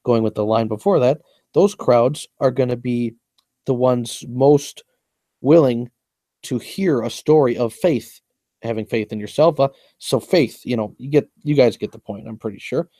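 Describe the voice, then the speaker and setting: A young man talks through his own rap lyrics line by line, boasting and repeating himself as he explains each rhyme. His voice is warm and mellow, recorded close and dry. He speaks in a casual, meandering monologue. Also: medium pitch, moderate pace, no room sound. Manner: boastful, repetitive, explains at length.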